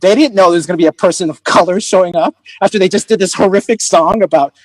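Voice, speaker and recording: A man, a comedian and motivational speaker, telling stories in an animated way during a conversation, laughing often and acting out the people in them. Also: high voice, fast talker, dry recording, low-quality recording. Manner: expressive, laughing often, acts out voices in his stories.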